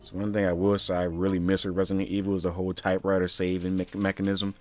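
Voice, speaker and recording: A streamer plays a video game, offering casual, profane commentary as he grumbles and talks back to the game. His low, darkish voice is completely flat and fast, with faint music in the background.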